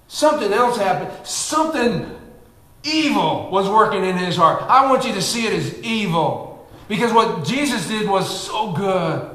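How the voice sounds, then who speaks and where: A man preaching a sermon with excitable energy, swinging from shouting to quiet asides. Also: sits high. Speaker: pastor. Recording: echoey room.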